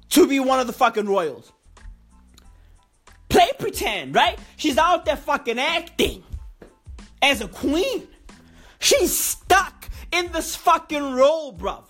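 High-voiced woman on a crude comedic rant. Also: a bit bright. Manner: crude, repeats slang tags, mock-serious.

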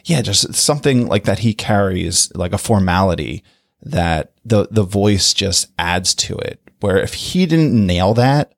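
A man co-hosting a podcast, talking haltingly as he searches for words. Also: low-pitched, lively intonation, gravelly, no room sound, clean studio sound. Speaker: podcast co-host. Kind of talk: casual chat.

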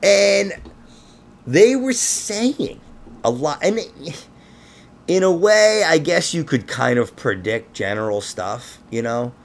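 A man's voice: a little high, lively intonation, slow. A man hosting a casual conspiracy podcast, rambling and laughing, with frequent swearing. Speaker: podcast host.

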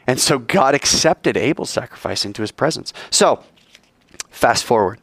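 A man preaching a sermon, telling stories in an animated way and asking his audience questions. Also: medium pitch, a little fast, no room sound.

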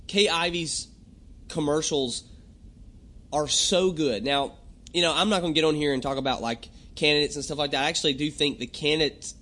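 A young adult man hosting a podcast, talking in a rambling, jokey monologue and often clearing his throat. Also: fairly high pitch, pushed and bright. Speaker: podcast host. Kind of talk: casual comedic monologue.

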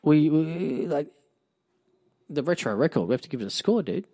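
A man's voice: on the high side, expressive, normal speed, mellow, dry recording. A tipsy man co-hosting a podcast in a casual chat, rambling and slurring his words with many fillers. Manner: rambling, slurring after drinks, lots of fillers. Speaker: podcast co-host.

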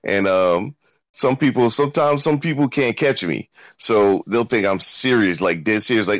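A man's voice: on the low side, moderate pace, a bit bright, no echo. A man co-hosting a casual gaming chat, joking and teasing in a laid-back way.

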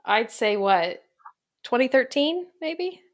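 Chatty, easygoing woman host for a casual podcast, quick to laugh. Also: high-pitched, very animated. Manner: chatty and upbeat, laughs easily.

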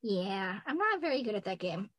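A woman's voice: medium pitch, sing-song, normal speed, a bit bright, dry recording. A woman in her twenties, a voice actress guest, chatting casually and giggling often, with a youthful-sounding voice. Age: 20s. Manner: giggly, laughs often while talking. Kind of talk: casual interview chat.

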